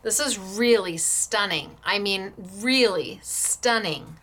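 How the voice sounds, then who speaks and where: A woman hosting a craft show, excitedly showing off viewers' samples, gushing and stammering as she talks. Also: mid-range voice, slow pace.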